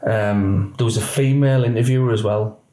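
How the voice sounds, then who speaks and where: A man's voice: fairly low pitch, steady tone, moderate pace, warm tone, reverberant, rough recording. A man, a former police officer telling his story in a candid podcast interview and acting out the dialogue.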